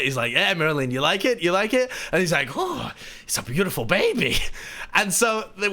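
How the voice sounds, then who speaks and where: A man's voice: high-pitched, pushed and bright. A man telling a rambling, laughing story to his live stream audience.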